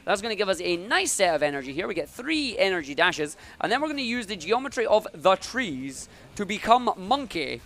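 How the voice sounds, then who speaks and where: Bright-voiced man commentating a speedrun. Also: high voice, sing-song, brisk, few pauses. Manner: upbeat, talks through each move as he plays.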